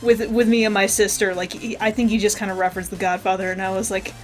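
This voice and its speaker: A woman's voice: medium pitch, little pitch movement, fast talker, soft background music. A woman giving a casual spoken review of a cartoon episode, rambling and frankly opinionated.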